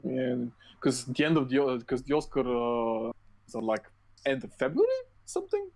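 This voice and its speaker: A man co-hosting a casual podcast, his voice sitting at an ordinary middle pitch. He rambles through his points with plenty of swearing, fillers and false starts. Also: sing-song, normal speed, a little mellow, low-quality recording. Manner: rambling, profane, lots of fillers and restarts. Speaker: podcast co-host. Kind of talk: casual chat.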